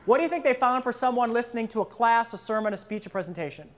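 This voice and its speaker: Man quizzing a workshop audience. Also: quick pace. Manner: interactive, quizzes the audience with questions; acts out listeners' inner thoughts in a lower voice. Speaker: presentation skills trainer. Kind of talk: live workshop talk to an audience.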